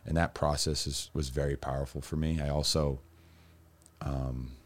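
A man's voice: a bass voice, level tone, normal speed. A man telling his own story as a guest, rambling and candid, with lots of restarts and fillers. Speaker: guest recounting his recovery.

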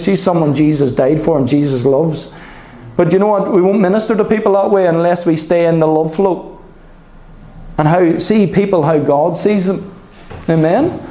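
A high-pitched male preacher delivers an animated sermon, often pausing to ask his listeners "Amen?". His voice rings out in a roomy, echoing hall.

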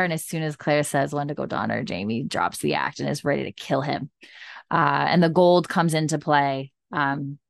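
A woman's voice: low voice, normal speed, creaky, no echo, clean studio sound. A woman hosting a podcast, chatting casually and gushing about recent episodes, with lots of fillers. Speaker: podcast host. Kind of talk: casual chat recap.

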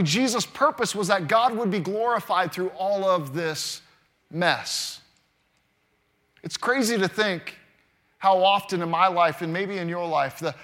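A male pastor, likely in his thirties, preaching a sermon, swinging between hushed moments and loud repeated declarations. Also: high-pitched. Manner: builds from hushed to loud, repeats phrases for emphasis.

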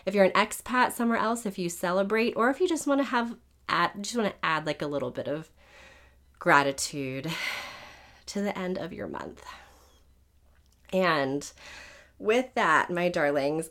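A woman's voice: low-pitched, measured pace. A woman hosting her own podcast, talking casually and affectionately to listeners, her voice scratchy and strained, with plenty of fillers like "like" and "um". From United States. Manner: warm-hearted and chatty, with fillers like "like" and "um". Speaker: podcast host.

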